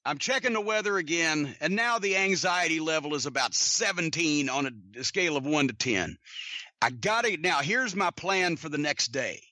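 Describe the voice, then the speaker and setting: A man's voice: sits high, bright, forceful tone, dry recording, studio quality. A man hosting a podcast, telling rambling anecdotes in a casual, profane way. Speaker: podcast host. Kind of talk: casual storytelling.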